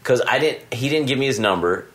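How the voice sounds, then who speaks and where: A man's voice: medium pitch, expressive, fairly quick, a bit bright. A man hosting a podcast, chatting casually and rambling through a story. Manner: rambling, retells calls with quoted voices. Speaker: podcast host. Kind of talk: casual chat. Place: hotel room.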